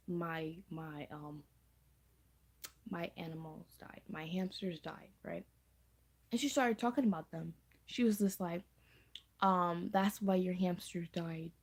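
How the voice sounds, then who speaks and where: Speaking in a fairly low, gravelly, slightly rough voice, a teen girl vlogger recounts a casual storytime directly to camera. She keeps it chatty and full of slang, and she repeats phrases often.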